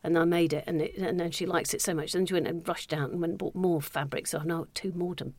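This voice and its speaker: A woman's voice: on the low side, steady tone, quick pace, darkish tone, no echo. A woman chatting casually as a guest, often restarting and repeating her words. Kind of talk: casual chat.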